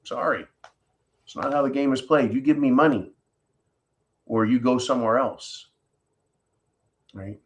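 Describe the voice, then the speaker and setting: A man's voice: mid-range voice, a little slow, pauses often. Blunt sarcastic guy ranting on his own show, keeps going "right?". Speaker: host. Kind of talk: opinion commentary monologue.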